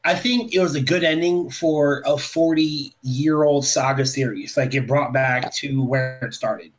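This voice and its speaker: A man's voice: medium pitch, steady tone, unhurried, poor audio. A man chatting casually on a podcast panel, rambling and enthusiastic, with lots of fillers. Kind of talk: casual chat.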